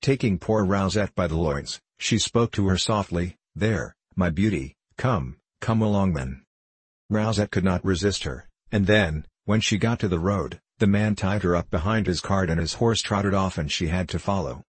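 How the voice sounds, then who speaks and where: A man reads a story aloud in a calm, measured, steady way. His voice sits very low and has a husky edge, recorded dry and close with no room sound. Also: no room sound. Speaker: narrator. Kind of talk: scripted audiobook narration.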